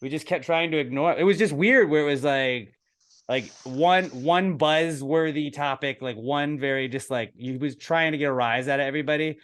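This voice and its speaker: A man's voice: on the high side, normal speed, a bit bright. A man co-hosting a podcast, telling a long story in casual chat, rambling with restarts and swearing as he acts out what others said. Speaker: podcast co-host.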